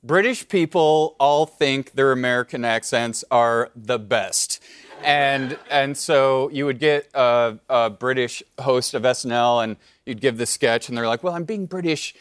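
A man, a comedian guest on a talk show, telling rambling, animated stories in casual chat. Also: mid-range voice, unhurried, smooth, dry recording. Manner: rambling, animated storytelling with laughs.

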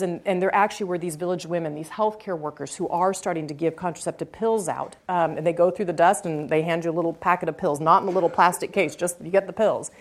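Earnest woman speaker, lower voice. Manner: earnest, animated when retelling encounters, fillers like "um, so". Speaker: foundation leader answering audience questions. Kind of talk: conversational public talk, storytelling.

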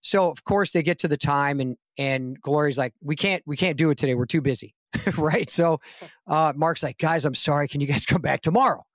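With a voice that's a little high, this man speaks at normal speed as a guest actor spinning a long story in a relaxed podcast interview. When quoting people he lifts his voice, performing the lines with animation, and the studio sound is clean with no echo.

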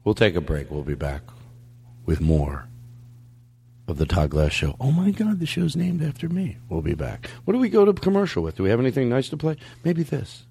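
A man's voice: mid-range voice, sing-song, moderate pace, creaky, mellow, slightly rough. A man hosting a comedy podcast, talking in a rambling, playful way with jokey asides. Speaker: podcast host. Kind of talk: casual comedy podcast chat.

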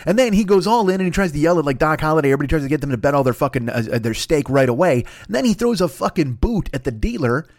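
Fast-talking, foul-mouthed middle-aged man ranting. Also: fairly high pitch, no room sound, clean studio sound. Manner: crude, swearing, animated storytelling. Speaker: podcast host. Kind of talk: profane comedic rant.

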